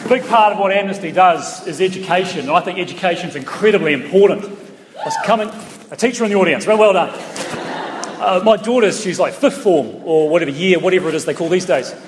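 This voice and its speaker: A man's voice: sits high, a little fast, background noise. A middle-aged man with a New Zealand accent telling stories in a chatty stand-up set with playful asides to the crowd. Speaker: stand-up comedian. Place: large town hall stage. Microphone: stage mic through PA. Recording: echoey hall from a distance. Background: audience laughter.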